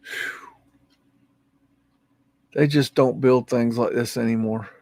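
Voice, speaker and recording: Gravelly, folksy man musing aloud. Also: mid-range voice, huge pitch swings, slow, a little mellow, dry recording. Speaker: live stream host. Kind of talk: casual commentary on old photos.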